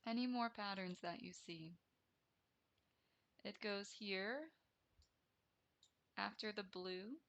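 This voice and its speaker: A woman English teacher explaining a grammar lesson deliberately, repeating each key term. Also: medium pitch, vocal fry, a bit bright, highs cut off.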